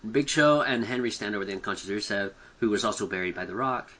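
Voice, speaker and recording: A man's voice: on the low side, fast, a bit bright. A man co-hosting a casual chat, easygoing and hesitant, often trailing off. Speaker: podcast co-host.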